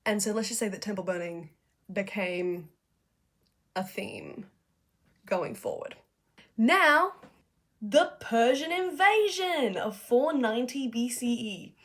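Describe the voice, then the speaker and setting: A woman's voice: fairly high pitch, big pitch swings. A young woman casually retelling history in a slangy, profane, chatty way, hosting a video essay. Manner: profane, chatty, acts out figures in quick asides.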